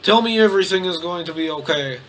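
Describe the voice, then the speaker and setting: A man's voice: high-pitched, expressive, fast talker, fairly bright tone, slight background noise, rough recording. A man voicing a mournful male alien doctor while reading a fan story aloud, in an earnest, pleading way.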